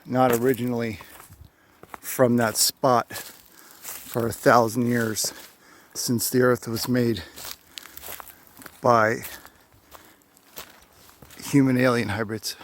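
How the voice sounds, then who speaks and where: A man vlogs a solo hike on a wooded trail, out of breath from walking as he talks to himself with wry, chatty asides in a rambling way. His mid-range voice has a level tone and a slow pace with frequent pauses. Slight background noise is present.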